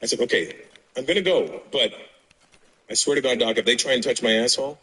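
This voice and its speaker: Brash profane stand-up comic, bright voice. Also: male voice, mid-range voice, lively intonation, fairly quick, breathy edge, rough recording. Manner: brash, profane storytelling with acted-out dialogue. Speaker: stand-up comedian. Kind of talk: stand-up comedy set. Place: live venue with audience.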